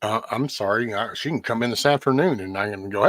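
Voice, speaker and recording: A man's voice: lowish voice, fairly quick, fairly bright tone, no room sound. A man hosting a casual livestream, ranting bluntly with lots of swearing and answering viewers' chat by name. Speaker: livestream host.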